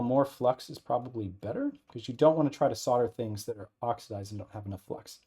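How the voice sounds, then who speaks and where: A man's voice: medium pitch, slightly rough. Man casually demonstrating at a workbench. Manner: relaxed, thinking aloud, frequent "right?" checks. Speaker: instructor. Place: workbench with an air filter running.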